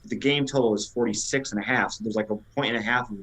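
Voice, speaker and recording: A man's voice: medium pitch, fairly even intonation, fast talker, a bit bright, breathy edge, poor audio. A man with an ordinary mid-range voice explains point spreads and totals in a plain, matter-of-fact way. He keeps it conversational, with some hedging fillers. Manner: explains betting lines matter-of-factly. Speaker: podcast co-host. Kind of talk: casual sports chat.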